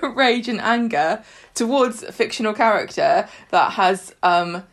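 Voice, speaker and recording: A woman co-hosting a podcast in casual chat, telling stories animatedly with laughs and loud acted quotes. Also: mid-range voice, animated, unhurried. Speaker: podcast co-host.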